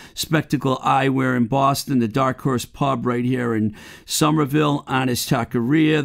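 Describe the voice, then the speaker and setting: A man hosts a podcast in an easygoing, friendly manner, closing out the show. His mid-pitched voice carries a gravelly edge. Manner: easygoing, wraps up and plugs sponsors. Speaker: podcast host. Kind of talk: casual chat.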